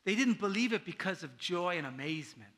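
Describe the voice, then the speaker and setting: A man's voice: sits high, expressive, fairly quick, a bit bright. A man pastor giving a casual, conversational sermon, often asking his listeners "right?" and acting out the people he quotes.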